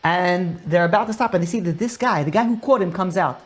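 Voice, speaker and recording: A man, a rabbi giving a Torah lecture and telling a story with lively acted-out dialogue. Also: sits high, a little fast. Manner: animated storyteller acting out dialogue.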